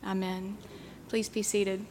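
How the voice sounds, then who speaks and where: A woman preacher delivering a sermon in a measured, storytelling manner. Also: medium pitch, little pitch movement, noisy background. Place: church. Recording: long church reverb.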